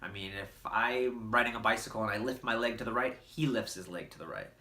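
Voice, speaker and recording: A man's voice: on the low side, a little fast, bright, forceful tone, reverberant. A man giving an earnest, plain-spoken parenting talk to camera, full of "you know" fillers.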